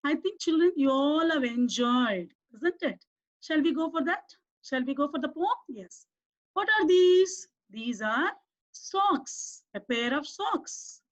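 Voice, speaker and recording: A primary school English teacher with an Indian English accent gives an online lesson to young children in a high voice with lively intonation, taking it slowly. She coaxes them with questions and asks them to repeat words. The recording is dull and lo-fi.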